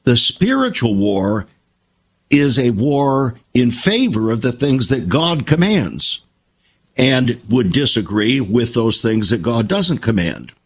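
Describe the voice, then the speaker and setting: Older man, husky voice, lively intonation, emphatic radio-talk storyteller. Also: medium pitch, takes it slowly. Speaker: Christian broadcaster. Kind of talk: conversational talk show.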